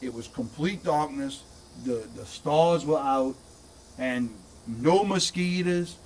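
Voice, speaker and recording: A man's voice: on the high side, takes it slowly, a little mellow, recorded from a distance, a little hiss or hum. A middle-aged man, telling a long story in a casual, rambling way with lots of repeated words. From St. Bernard Parish, Louisiana. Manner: rambling, repeats words, says "dude" often. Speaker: guest, content creator.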